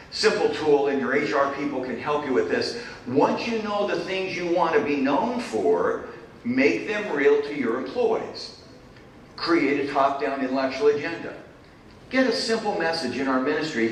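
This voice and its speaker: Middle-aged male keynote speaker, punchy phrasing and dry wit, distant mic in a big reverberant hall. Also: fairly high pitch. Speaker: keynote speaker, business professor. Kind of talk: conference keynote talk. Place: large conference hall. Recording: echoey hall, distant mic, faint noise.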